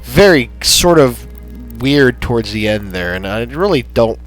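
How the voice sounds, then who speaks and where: A man hosting a gaming channel, chatting in a rambling, halting way with lots of fillers as he wraps up a playthrough. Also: mid-range voice, very animated, poor audio. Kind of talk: casual gameplay commentary. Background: soft background music.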